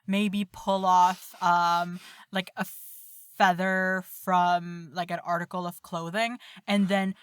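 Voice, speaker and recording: Woman player, mid pitch, halting chat, dry close sound. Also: level tone, clear, resonant tone, no echo. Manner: hesitant, many "like"s. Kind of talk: casual chat.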